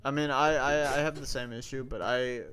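A young man in casual chat, laid-back and quick to laugh along. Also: mid-range voice, steady tone, a bit bright, slight background noise.

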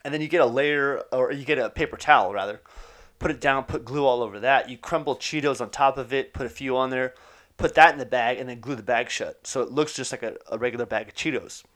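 Guy rattling off a wild story, quick and loose, swears a lot, says "you know" constantly, mid-range voice. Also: mid-range voice, a bit bright. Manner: quick, loose and profane, with fillers and laughs. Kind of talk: personal anecdote, casual storytelling.

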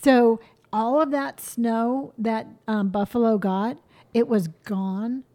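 A woman from California chatting casually as host, talking quickly and freely. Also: a little high, steady tone, dark tone. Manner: quick, chatty, self-described fast talker. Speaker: YouTuber and host. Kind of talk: casual chat.

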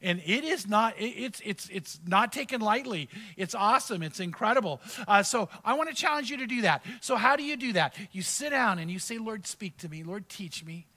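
A man's voice: high-pitched, animated, brisk, hardly any pauses, sharp tone. A male pastor preaching a sermon, reading verses aloud and teaching through personal stories in a conversational way.

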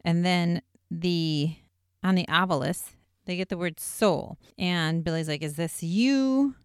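A woman's voice: on the low side, little pitch movement, measured pace, clean tone, dry recording, clean studio sound. A woman casually recapping a TV episode in a chatty way, with lots of "like" and wry asides.

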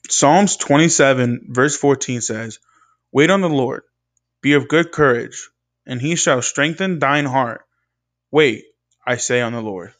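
A young man giving a scripted devotional talk with an earnest, measured preaching cadence. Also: mid-range voice. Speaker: speaker in a devotional video.

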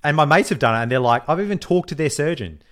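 Brief: male podcast co-host, casual and animated, voice swinging up and down. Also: fairly high pitch, fast. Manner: animated, swearing, laughing banter. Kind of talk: casual chat.

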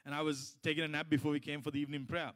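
A man's voice: a little high, little pitch movement, racing, fairly bright tone. A middle-aged man giving a sermon as a pastor, telling a personal story in a loose, conversational way with many restarts and asides.

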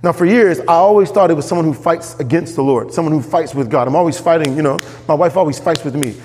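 A man preaching a sermon as pastor, animated, jumping up in pitch when he voices quoted characters. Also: fast talker, big-room sound.

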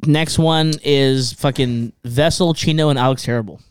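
A man's voice: mid-range voice, moderate pace, clear, resonant tone. A young man co-hosting a podcast, bantering bluntly and swearing often. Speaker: podcast co-host. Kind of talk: casual chat.

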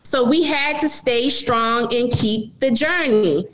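A woman's voice: a little high, slow pace, a bit bright, poor audio. A middle-aged woman, a business owner, telling her story earnestly in an interview and often calling her listeners y'all.

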